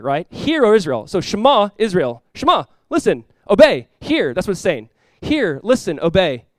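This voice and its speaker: Young male pastor, casual sermon, quick delivery, high voice. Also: no room sound. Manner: energetic, chatty, peppered with "like", reads scripture aloud.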